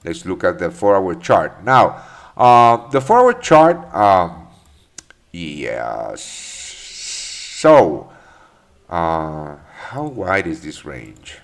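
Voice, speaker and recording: A man's voice: sits low, sing-song, very slow. A man hosting a live trading stream, answering chat questions in a loose, profane way with many fillers and restarts. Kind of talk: casual live market commentary.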